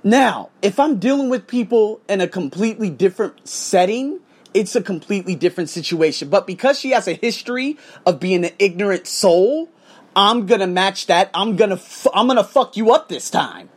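A man who teaches English and hosts a podcast, talking straight to viewers in a heated, profane rant that swings between loud outbursts and low muttered asides. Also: lively intonation, normal speed. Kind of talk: casual ranting monologue to viewers.

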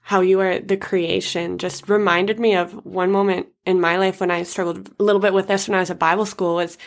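Young woman host, casual faith talk, expressive storyteller. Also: fairly low pitch, fairly quick, gravelly.

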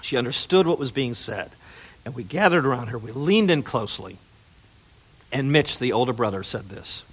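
A middle-aged man preaching a sermon as pastor, telling stories in a folksy way that rises with excitement and then drops to soft, earnest appeals. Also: medium pitch, moderate pace, breathy edge.

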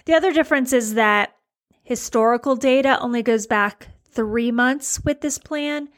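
A woman's voice: a little high, normal speed. A woman talking casually to her blog audience as their coach, chatty with fillers and emphatic repeats. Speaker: blogging coach. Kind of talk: casual video talk to followers.

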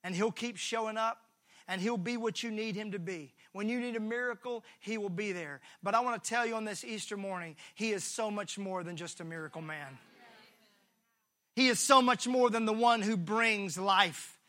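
A man pastor preaching a sermon, repeating his phrases for rhythm and swinging from shouts to hushed lines. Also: high voice, moderate pace. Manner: acts out the voices of the people in the story.

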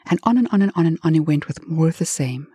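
A woman narrating a story in a lively, dramatic storytelling manner. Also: sits low, fast talker, husky, no room sound, studio quality.

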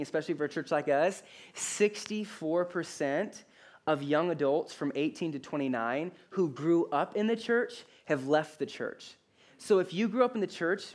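A man, a pastor, preaching a sermon with emphatic repetition and calls for the congregation's response. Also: on the high side. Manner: emphatic, repeats key phrases, asks the congregation for responses.

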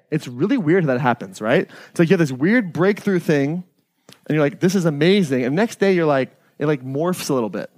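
A man's voice: fairly high pitch, a little mellow, dry recording, clean studio sound. A middle-aged man leading a live workshop, talking casually and with profanity, often checking in with the audience by asking "right?". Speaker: workshop leader.

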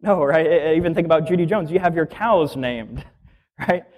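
A man's voice: a little high, moderate pace, a little mellow. A male minister giving a sermon in a conversational teaching style, explaining scripture plainly and asking the listeners questions.

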